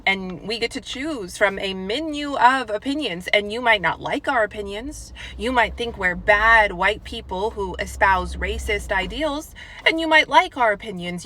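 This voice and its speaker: A woman's voice: mid-range voice, bright, forceful tone. A woman giving an emphatic opinion commentary monologue, full of rhetorical questions. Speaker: political commentator.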